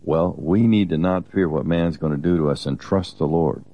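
A man's voice: low-pitched, normal speed, gravelly, lo-fi sound. A man co-hosting a Christian teaching program, talking earnestly in a conversational, exhorting way, often restarting his sentences.

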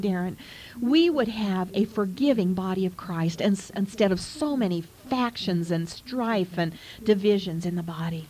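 A woman's voice: mid-range voice, normal speed, warm tone, low-quality recording. A woman co-hosting a faith program, telling a scripture story with earnest feeling. Her voice sits in an ordinary middle register, and she reads the verses with care. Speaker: co-host. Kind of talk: Bible teaching talk.

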